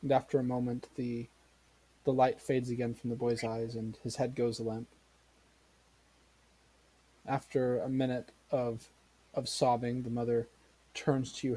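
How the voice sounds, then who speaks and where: A man running a tabletop game as game master, narrating in a measured way with fillers. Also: medium pitch, level tone, dark tone, slight background noise, low-quality recording.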